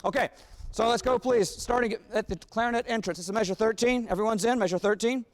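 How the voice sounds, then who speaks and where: A man's voice: sits high, quick pace. A man conducting a wind band rehearsal, talking players through phrasing and singing the rhythms on syllables. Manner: sings rhythms on syllables, coaxing and instructive. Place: large rehearsal hall. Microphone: wireless body mic. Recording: long hall reverb, band music behind.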